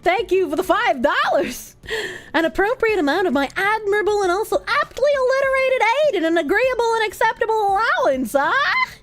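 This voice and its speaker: A woman streamer in casual chat, reading out donations with giggly laughs, loud outbursts and swearing. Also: very high-pitched, big pitch swings, a little fast. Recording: faint music behind voice.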